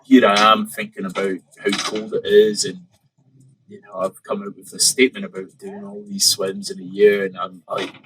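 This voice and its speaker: Low-voiced man telling a story. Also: moderate pace, slight background noise, poor audio. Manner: animated, retelling with quoted inner thoughts and many fillers. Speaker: podcast guest, open water swimmer. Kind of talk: casual interview storytelling.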